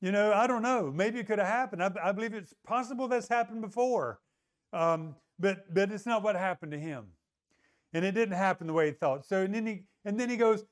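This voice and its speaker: High-voiced preaching man. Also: fairly quick. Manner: conversational preaching, often asks the crowd to agree. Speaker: pastor. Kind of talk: sermon.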